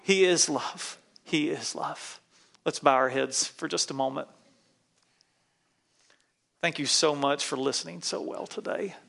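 A man's voice: fairly high pitch, unhurried, vocal fry, long pauses, fairly bright tone. A man, a pastor, preaching a sermon in a church and leading the congregation in call-and-response. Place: church sanctuary.

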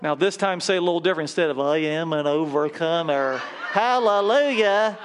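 A man's voice: fairly high pitch, fairly even intonation, fast talker. A man preaching a sermon as a pastor in a church, leading his congregation in call-and-response and prayer.

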